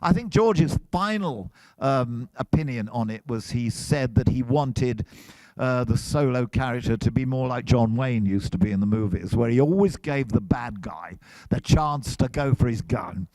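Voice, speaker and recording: Older man, actor guest, convention interview, wry storyteller, very lively voice, dry recording. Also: mid-range voice, normal speed, no room sound. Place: comic con booth.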